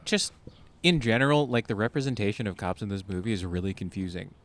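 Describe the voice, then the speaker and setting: A man's voice: lowish voice, quick pace. A young man co-hosting a podcast, chatting casually and sarcastically about a movie, swearing often. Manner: lively, sarcastic, swears a lot. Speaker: podcast co-host. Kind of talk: casual movie review chat.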